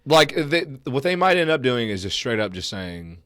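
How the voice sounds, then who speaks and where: A man's voice: mid-range voice, very animated, normal speed, fairly bright tone, no room sound. A man guesting on a podcast, chatting casually in a laid-back, slangy way. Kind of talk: casual chat.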